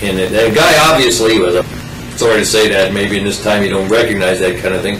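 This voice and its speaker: A man's voice: lowish voice, quick pace, a bit bright, far from the mic, soft background music. Older guy rambling thru an old story, folksy, roomy sound from off mic, faint hiss behind. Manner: rambling, folksy, with restarts and asides. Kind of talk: casual oral history.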